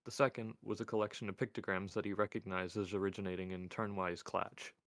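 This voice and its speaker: A man narrating a story in a measured, even way, his voice on the low side. The sound is dry and close, with no room echo. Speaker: reader. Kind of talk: audiobook narration.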